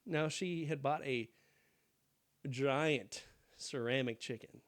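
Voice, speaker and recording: A man's voice: mid-range voice, slow pace. A young man co-hosting a podcast, telling a crude story casually with lots of laughing. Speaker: podcast co-host. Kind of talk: casual chat.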